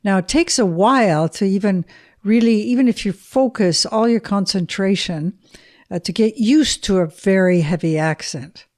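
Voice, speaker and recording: A woman's voice: mid-range voice, moderate pace, a little mellow. A woman interviewer asking questions and sharing an anecdote in a conversational way.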